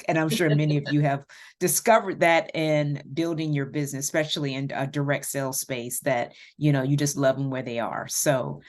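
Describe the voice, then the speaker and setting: This is a woman with a Southern American accent and a notably low voice. She talks as an interview guest, reflective and unhurried, with um's and quiet laughs between her thoughts. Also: fairly even intonation. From Virginia, USA. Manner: warm and reflective, with light laughs and fillers. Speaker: podcast guest. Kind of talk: casual interview conversation.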